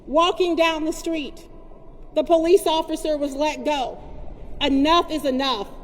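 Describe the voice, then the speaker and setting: A woman's voice: high-pitched, fairly even intonation, unhurried, in a large hall. A woman giving an impassioned protest speech, telling a story to a crowd. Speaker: rally speaker.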